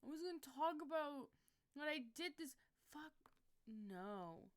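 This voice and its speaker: A woman chatting casually on a livestream, excitable and foul-mouthed, who yelps and swears when things go wrong. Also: high voice, measured pace. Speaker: streamer.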